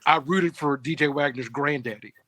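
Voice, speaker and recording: A man's voice: on the high side, normal speed, pushed and bright, no echo. A middle-aged man co-hosting a casual sports chat, earnest, often restarting his sentences. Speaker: sports show co-host.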